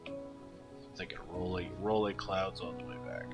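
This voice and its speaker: A man's voice: low-pitched, little pitch movement, measured pace, music in the background, low-quality recording. A young man telling a story while drawing, rambling and laughing often, full of fillers and restarts. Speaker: artist streaming while drawing.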